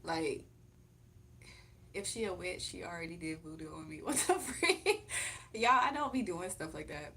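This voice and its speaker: A woman's voice: lowish voice, moderate pace, long pauses, pushed and bright, slight background noise. A young woman hosting a casual livestream from home, chatting, laughing often and reading comments aloud. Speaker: livestream host.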